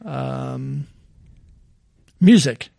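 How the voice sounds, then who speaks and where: A man's voice: medium pitch, very slow, gravelly, dark tone, dry recording, studio quality. A man co-hosting a casual chat, guessing answers with playful jokes and frequent laughter. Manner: joking, laughs a lot, playful. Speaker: podcast co-host.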